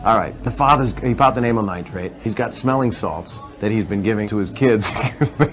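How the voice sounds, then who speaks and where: Low-voiced man telling a crude joke. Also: brisk, noisy background. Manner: crude, laughing through his own story, breaks off to restart. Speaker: comedian. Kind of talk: rambling stand-up joke telling.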